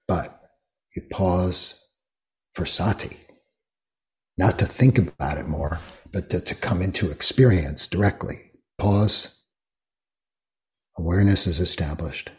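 An older man guiding a meditation talk, speaking slowly and gently with many long pauses. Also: low voice. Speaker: meditation teacher. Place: retreat hall.

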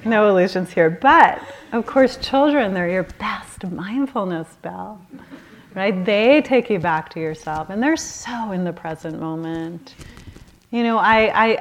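A woman in her forties giving a candid, laughing talk as a meditation teacher at a retreat. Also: mid-range voice. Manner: warm, candid, storytelling with laughs and self-corrections.

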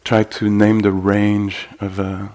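At a meditation retreat hall, a male teacher gives a dharma talk in a low, even, gravelly voice. His delivery is hesitant and halting, full of fillers and gentle asides.

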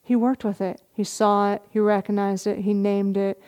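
A middle-aged woman, a meditation teacher, giving a dharma talk at a retreat, telling a story gently with soft laughs. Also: mid-range voice, little pitch movement, moderate pace.

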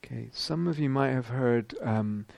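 A man with a British accent giving a dharma talk as a meditation teacher, gentle and reflective, pausing often and restarting phrases. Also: medium pitch, gravelly, dry recording. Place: retreat meditation hall.

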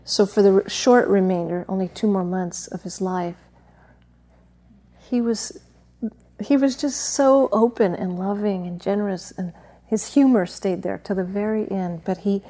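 A middle-aged woman, a meditation teacher, telling a personal story in a gentle, reflective dharma talk, pausing now and then to clear her throat. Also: mid-range voice, steady tone.

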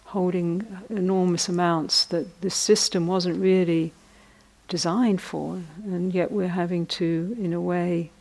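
A middle-aged meditation teacher leads a reflective, conversational dharma talk at a retreat, breaking off and restarting often and laughing at her own jokes. Her voice is lowish, creaky, and a little mellow.

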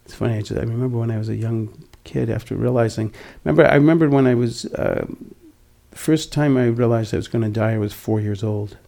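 A man in his sixties from the Boston area, giving a gentle, reflective dharma talk whose voice often drops to a near whisper. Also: mid-range voice, fast, gravelly. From Boston area, USA. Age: 60s. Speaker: meditation teacher.

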